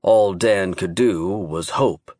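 A man reading an audiobook in a measured, even storytelling manner. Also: deep voice, no echo, studio quality. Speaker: narrator. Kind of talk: scripted audiobook narration.

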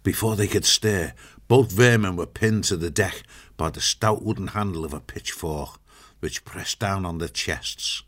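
Deep-voiced male audiobook narrator. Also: fairly bright tone. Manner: measured, dramatic storytelling. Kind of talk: scripted narration.

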